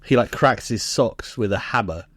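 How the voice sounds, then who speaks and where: A man's voice: on the low side, moderate pace, no room sound. A man co-hosting a podcast, casually recapping a sitcom, laughing and swearing as he retells scenes. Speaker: podcast co-host.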